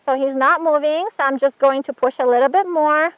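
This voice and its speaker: A woman's voice: high voice, brisk, fairly bright tone, no room sound, dull audio. A woman teaching a horsemanship workshop, talking casually while working with a horse and often praising it. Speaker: horsemanship instructor. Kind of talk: hands-on outdoor lesson demonstration.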